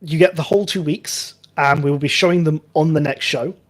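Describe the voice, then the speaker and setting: A man's voice: fairly high pitch, fairly even intonation, fairly quick. A man co-hosting a show, explaining the rules of a challenge in a rambling, chatty way with many fillers. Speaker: co-host. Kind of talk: casual chat.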